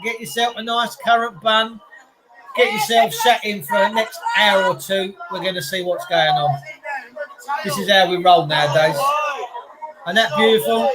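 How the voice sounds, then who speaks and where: A man chatting casually on a live stream, excitable and talkative, greeting his viewers by name as he comments. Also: high voice, normal speed, heavy background noise.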